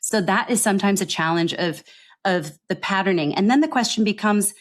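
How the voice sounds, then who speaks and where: A woman giving a podcast interview as a pronunciation coach, explaining her work earnestly and often checking in with a quick "right?". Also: medium pitch.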